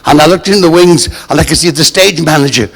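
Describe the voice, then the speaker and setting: A man's voice: a little high, fast, gravelly, in a large hall. An older man from Britain tells stories to a live audience with a theatrical manner, acting out the people he quotes. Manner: theatrical, acts out quoted voices. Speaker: storyteller on stage. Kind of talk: anecdote told to a live audience.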